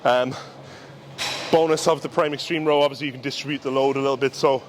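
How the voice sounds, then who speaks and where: Male bodybuilder, casual vlog coaching, mid-range voice, relaxed and instructive, faint gym hum behind. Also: medium pitch, fast. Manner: relaxed, instructive, talks through gym cues with fillers. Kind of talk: casual training vlog commentary.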